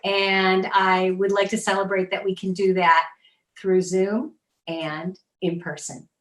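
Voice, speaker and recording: A woman introducing herself to a group in a slow, measured way. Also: medium pitch, level tone. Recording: echoey room.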